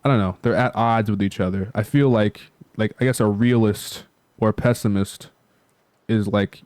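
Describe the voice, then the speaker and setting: A man's voice: on the low side, steady tone, normal speed, a little mellow, no room sound. A man hosting his channel, talking in a loose, rambling way full of fillers and casual swearing. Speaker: channel host.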